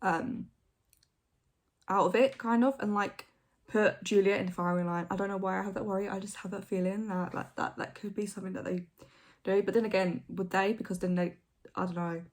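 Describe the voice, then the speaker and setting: A woman's voice: medium pitch, steady tone, brisk. A young woman hosting a reaction video, thinking aloud in a hesitant, rambling way with many fillers and restarts. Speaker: reaction channel host. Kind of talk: casual reaction commentary.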